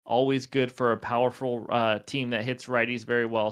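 A man's voice: medium pitch, level tone, moderate pace, clean tone. A man hosting a sports betting show, going through picks in a casual, chatty way with stats and fillers, and losing his voice. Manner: chatty, fillers and stat rundowns. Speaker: sports betting podcast host.

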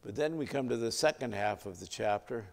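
A male pastor preaching an evening sermon, telling the story in a measured way and letting his voice swell and drop for emphasis. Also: fairly low pitch, lively intonation, gravelly. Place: church sanctuary. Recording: long hall reverb.

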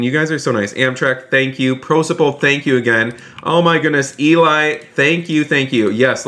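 A man streaming a game live, excitable and gushing with thanks, repeating exclamations and saying he is about to cry. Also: mid-range voice. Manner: effusive, gushing thanks to donors.

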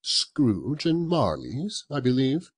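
A man voicing a polite portly gentleman in a storybook reading, speaking low, quiet and courteous. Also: wildly swooping pitch, takes it slowly, slightly rough, exaggerated voice. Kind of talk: audiobook character voice.

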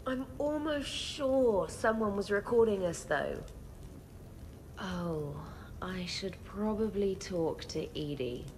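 A woman's voice: mid-range voice, animated, slow, darkish tone, slight background noise, low-quality recording. An actress playing a sheepish young female ship officer with a dry, self-deprecating manner, for a video game.

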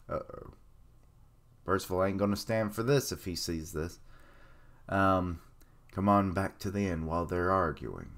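A man's voice: deep voice, measured pace, pauses often, fairly bright tone. A man giving casual live reaction commentary on an anime, blurting out surprised remarks and swearing casually. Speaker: reaction streamer.

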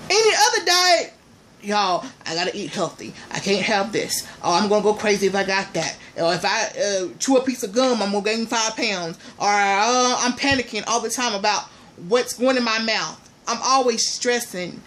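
A woman vlogger chatting casually and playfully to her viewers, calling them y'all, with loud bursts between quieter asides. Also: medium pitch, moderate pace, few pauses, slight background noise. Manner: animated, swings between soft asides and loud exclamations.

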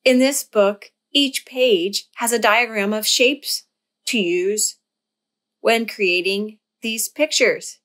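A woman's voice: fairly high pitch, takes it slowly, fairly bright tone. A woman hosting a children's library storytime, playful and sing-song as she reads aloud and leads rhymes.

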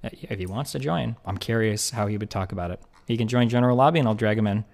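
A man streaming a heated rebuttal, talking fast and emphatically with frequent swearing. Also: on the low side, gravelly, darkish tone.

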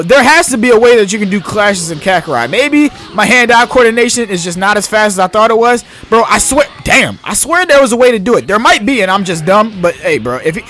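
A young man giving live, excitable, slang-heavy commentary as he plays a video game. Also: sits high, slight background noise. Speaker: gamer.

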